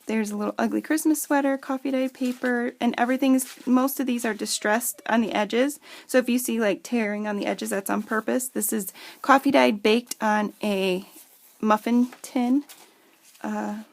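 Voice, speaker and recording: A woman's voice: on the high side, fairly even intonation, normal speed, creaky. A woman at home chatting casually and gushing as she shows viewers her handmade craft pieces. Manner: chatty and gushing, addresses viewers as "you guys". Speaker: craft seller showing handmade journals. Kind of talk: casual show-and-tell vlog.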